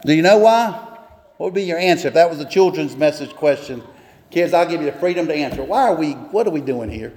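Guy preaching in a church, slightly high voice, echo hanging in the sanctuary. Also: lively intonation, a little fast, a little mellow, slight background noise. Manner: storytelling, acts out dialogue in raised voices. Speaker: pastor. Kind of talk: sermon with a folksy joke story. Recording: long hall reverb.

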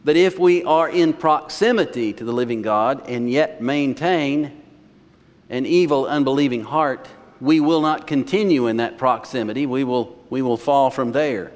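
A male pastor delivering a sermon with an easygoing, storytelling delivery. His voice sits at an ordinary middle pitch. A long reverb from the church sanctuary trails behind his words. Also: moderate pace. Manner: conversational storytelling preacher.

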